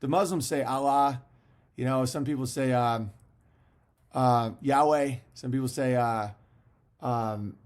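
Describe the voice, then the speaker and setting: A man hosting a casual livestream and reading viewer messages, talking in a profane, rambling way with frequent laughs while fasting. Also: medium pitch.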